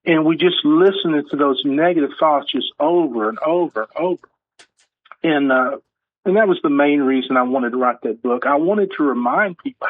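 A man's voice: fairly high pitch, moderate pace, slightly rough, dry recording. A man, an author being interviewed, talking earnestly and telling stories. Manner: earnest, storytelling, acts out quotes. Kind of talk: conversational interview. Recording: tinny phone-line audio.

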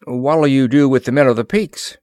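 A man voicing a gruff, sardonic young male space flyer in an audiobook, muttering his lines with dry sarcasm. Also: mid-range voice, moderate pace, a little mellow, no room sound, natural voice. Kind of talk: audiobook character voice.

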